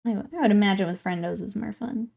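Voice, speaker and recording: A woman's voice: medium pitch, quick pace, vocal fry, darkish tone. A woman in her twenties chats easily with her livestream viewers as she works on a hobby build. She laughs often and breaks off to greet newcomers. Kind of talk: casual chat with viewers while hobby painting.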